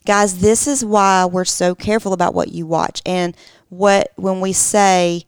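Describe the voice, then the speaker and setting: A woman in her thirties co-hosting a podcast, speaking in an earnest, measured way in casual conversation. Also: mid-range voice, fairly even intonation, smooth, no echo. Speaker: podcast co-host.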